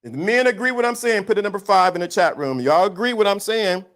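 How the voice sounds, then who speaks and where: Livestream host, male, high voice, blunt and preachy, slangy with a teasing edge. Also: fast talker, fairly bright tone. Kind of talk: casual opinion rant to a live chat.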